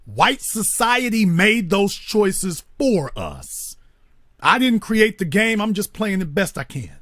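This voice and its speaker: A man hosting a call-in show, laying out his argument in an emphatic, lecturing way. His voice is high for a man and swings widely in pitch. The sound is close and dry, with no room around it. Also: wildly swooping pitch, slow, fairly bright tone, no room sound. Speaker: host. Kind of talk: call-in talk show, arguing a point.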